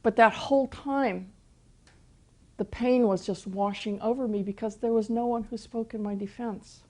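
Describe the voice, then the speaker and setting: A woman's voice: on the high side, steady tone, moderate pace, darkish tone. An older woman, a Christian teacher, telling a personal testimony in a storytelling way, often restarting her words.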